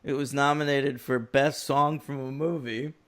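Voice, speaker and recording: A man's voice: mid-range voice, fairly even intonation, measured pace. Dry, sarcastic male podcast co-host. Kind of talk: casual film chat.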